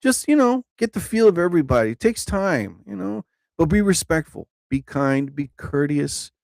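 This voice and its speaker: A man hosting a live stream, telling rambling stand-up stories casually, laughing often and jumping into higher voices to act out quotes. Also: sing-song, moderate pace, creaky, a little mellow, dry recording. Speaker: live show host, comedian.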